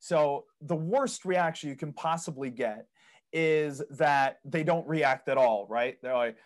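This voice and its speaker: In a casual podcast interview, a male guest with a higher voice speaks at a measured pace. He tells stories about investing in property, acts out others' quoted reactions, and laughs at his own tales.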